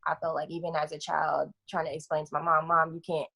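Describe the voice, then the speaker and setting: A woman's voice: sits low, fast talker, vocal fry, breathy edge. A woman guest on a podcast telling personal stories candidly in casual slang, acting out what people said. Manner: candid, animated storyteller, acts out quotes, casual slang.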